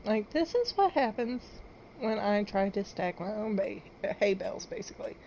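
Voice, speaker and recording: A woman's voice: mid-range voice, expressive, moderate pace, warm tone, slight background noise, rough recording. A woman streaming a farming game, chatting casually and rambling to her viewers. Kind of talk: casual live-stream chat while playing.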